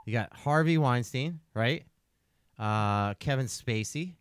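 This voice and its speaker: A man's voice: medium pitch, lively intonation, slow pace, clean tone, no echo, clean studio sound. A man hosting a casual podcast, retelling a story at length and checking in with "right?" as he goes. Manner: rambling storyteller, tags lines with "right?". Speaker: podcast host.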